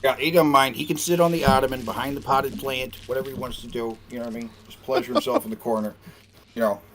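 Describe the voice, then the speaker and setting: A man talking as a guest on a casual podcast, ranting in an animated, profane way and slipping into mocking impressions. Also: mid-range voice, fast talker, a crowd in the background. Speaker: guest streamer.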